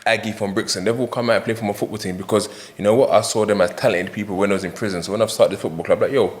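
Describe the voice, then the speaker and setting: A man in casual chat, an animated storyteller who acts out the voices he quotes. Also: lowish voice, very fast. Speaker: podcast guest.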